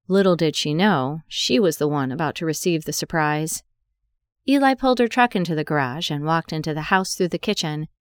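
A woman narrating an audiobook story in an even, measured way. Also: low-pitched, clear, resonant tone, no room sound, studio quality.

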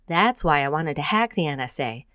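A woman's voice: low-pitched, lively intonation, moderate pace, a bit bright, no echo, clean studio sound. A woman voicing a wry, grumbling young female graduate student who hacks.

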